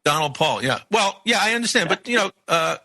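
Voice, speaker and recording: A male radio host pushes his points in emphatic bursts and keeps firing off rhetorical questions. His voice sits a little high, with a bright, sharp edge. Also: sing-song, a little fast. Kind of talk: opinionated radio talk.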